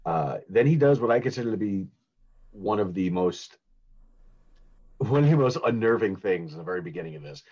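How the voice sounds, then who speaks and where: A man's voice: lowish voice, animated, a little fast, pauses often, a little mellow, breathy edge, dull audio. A man co-hosting a podcast, casually recapping a movie in a rambling, giggly way with lots of fillers and restarts. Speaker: podcast co-host recapping a film.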